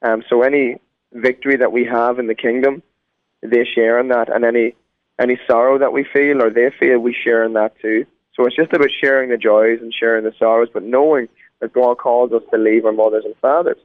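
A man's voice: medium pitch, fairly even intonation, fairly quick, no room sound. An Irish man, a guest musician, talking earnestly in a phone interview. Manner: earnest, preacherly. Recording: tinny phone line.

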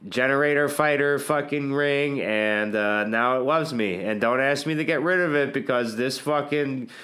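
Casting: man, casual rambling monologue, profane and sardonic, mid pitch. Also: steady tone, moderate pace, fairly bright tone.

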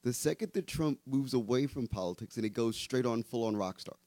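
A man hosting a political talk show makes long, emphatic points, often restarting his sentences. His voice is mellow and dark, and the sound is close and dry with no room around it. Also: mid-range voice, lively intonation, a little fast, dry recording. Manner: emphatic, explains at length with restarts. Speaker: host.

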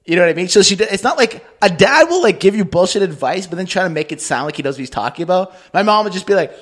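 A man's voice: sits high, animated, fast, a bit bright. A man co-hosting a podcast in casual chat, talking loosely and acting out the people he quotes. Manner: chatty, acts out quoted people in put-on voices. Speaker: podcast co-host.

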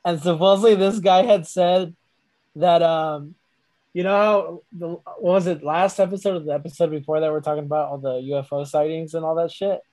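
A young man with a notably high voice chats loosely on a podcast. He rambles through stories full of profanity and breaks into laughter often. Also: steady tone, normal speed, dark tone, poor audio. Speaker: podcast co-host. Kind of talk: casual chat.

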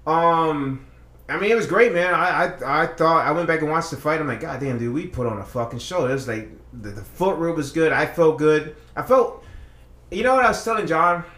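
A man's voice: on the high side, expressive, moderate pace, a bit bright, echoey room. A man on a casual podcast, telling a long story in a rambling, profane way with many restarts. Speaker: podcast co-host.

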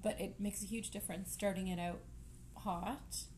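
A woman co-hosting a casual home podcast, chatty and quick to laugh, trailing off into fillers. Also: medium pitch, fairly even intonation, darkish tone, slight background noise. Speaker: podcast co-host. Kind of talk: casual chat.

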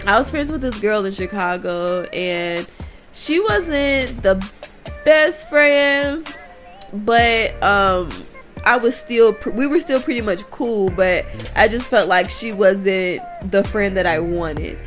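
A woman's voice: mid-range voice, slow pace, fairly bright tone, soft background music. A woman vlogger talking candidly to her viewers, her voice worn from recent crying, confiding and laughing through her frustration. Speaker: spiritual vlogger. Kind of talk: candid casual monologue to viewers.

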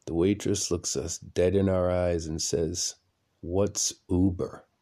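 Slow gravelly man telling a rambling story. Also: deep voice, little pitch movement, warm tone. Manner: rambling, repeats phrases for effect, blunt. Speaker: podcaster. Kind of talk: casual storytelling monologue. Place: room at home at night.

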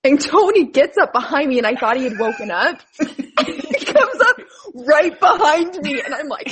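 A woman chatting casually, telling her own story with animated giggles. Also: high-pitched, fairly quick, background noise. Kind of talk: casual chat.

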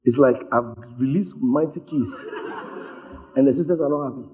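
A man preaching a sermon, telling stories in an animated way and slipping into voices for the people in them. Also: medium pitch, moderate pace. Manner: animated storytelling, acts out voices.

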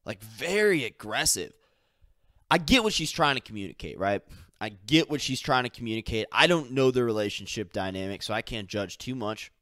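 A man's voice: mid-range voice, animated, normal speed, a bit bright, dry recording, clean studio sound. A young man hosting a solo podcast, rambling casually with lots of fillers and the odd curse. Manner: casual, filler-heavy, swearing, mimics others. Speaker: podcast host.

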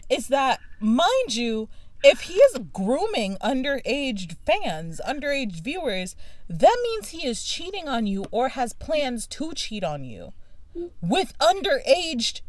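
A woman's voice: sits high, very animated, slow pace, no echo. Chatty young woman, close dry mic. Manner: chatty, gossipy, fillers and restarts. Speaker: podcast co-host. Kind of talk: casual chat.

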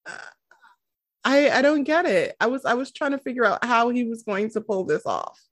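A woman hosting a podcast in casual chat, animated, often laughing and making dramatic asides. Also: a little high, normal speed, dry recording, clean studio sound. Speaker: podcast host.

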